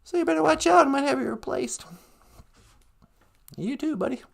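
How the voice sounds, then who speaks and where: A woman's voice: high-pitched, lively intonation, normal speed, creaky. A woman co-hosting a casual, playful podcast, goofing around and making beeping computer noises. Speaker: podcast co-host.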